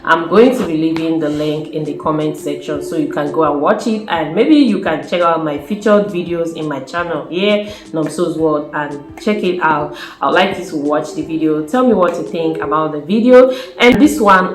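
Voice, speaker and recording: A woman's voice: sits low, normal speed. A young Nigerian woman, a mother, talking to her viewers in a casual, emphatic vlog that jumps from plain telling to indignant bursts. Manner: animated, emphatic storytelling, rising to indignant outbursts. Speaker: vlogger. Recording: echoey room.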